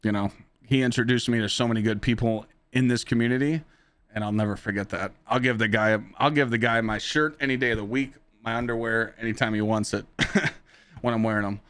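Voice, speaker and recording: Animated, profane man telling stories. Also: brisk, clean tone. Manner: animated, profane, jumps to high excited pitch when reliving moments. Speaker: podcast host and streamer. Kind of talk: casual storytelling to a live chat.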